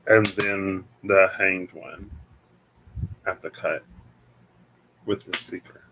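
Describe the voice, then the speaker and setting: A young Midwestern American man gives a casual tarot reading, thinking aloud in a meandering, hesitant way and often searching for words. His voice is deep and his tone steady, and he speaks slowly over a noisy background.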